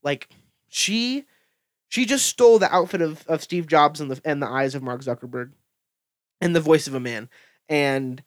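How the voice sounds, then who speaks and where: Excitable young man ranting, dry sound. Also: a little high, normal speed, long pauses, no room sound. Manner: profane, filler-heavy, excitable storytelling. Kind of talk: casual rant.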